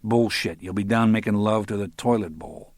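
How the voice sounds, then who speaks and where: A man's voice: on the low side, moderate pace, darkish tone, dry recording, studio quality, natural voice. An audiobook narrator voicing a blunt, wisecracking middle-aged man. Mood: wry blunt.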